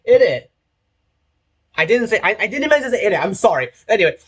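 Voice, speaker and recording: A young man from Hong Kong, a little high in pitch, talks casually while streaming. His English has a British-sounding accent, his throat is sore, and he rambles, restarting and correcting his phrases as he goes. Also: sing-song, racing, pushed and bright, breathy edge. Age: young adult. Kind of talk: casual live-stream chat while playing a train simulator.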